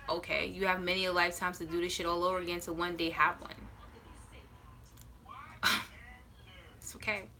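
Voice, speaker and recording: A woman tarot reader speaks in a lower register with a bright, forceful tone. She talks to her viewers casually and bluntly, swearing freely. She reassures them and drags out the words she wants to land. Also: a little hiss or hum, low-quality recording. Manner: emphatic, drawn-out stresses. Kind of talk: casual livestream talk.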